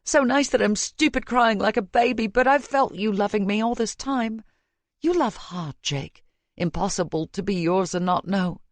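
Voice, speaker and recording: A woman narrator playing a tender, resolute young woman in an audiobook, softly tearful but firm. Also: medium pitch, sing-song, moderate pace, dry recording, close to an everyday voice. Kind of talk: audiobook character voice.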